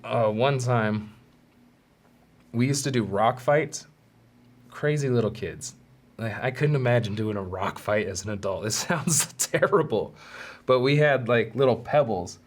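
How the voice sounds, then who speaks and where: Man, podcast host, solo storytelling, candid, rambling, self-deprecating, average pitch.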